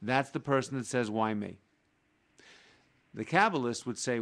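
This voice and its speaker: A man's voice: mid-range voice, moderate pace, pauses often, a bit bright. A man, a guest on a talk show, reading short passages aloud and then explaining spiritual ideas with everyday examples. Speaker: guest teaching Kabbalah.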